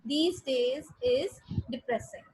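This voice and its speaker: A woman teaches a grammar class in a high, clear voice. She talks patiently, repeats each sentence and spells words out letter by letter. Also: expressive, slow pace, a little mellow, low-quality recording. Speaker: English teacher. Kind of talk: online grammar lesson.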